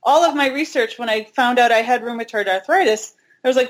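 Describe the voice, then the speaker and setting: Woman, middle-aged, casual interview guest, lively delivery, acts out dialogue. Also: on the high side, quick pace, few pauses. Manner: animated, acts out quoted dialogue.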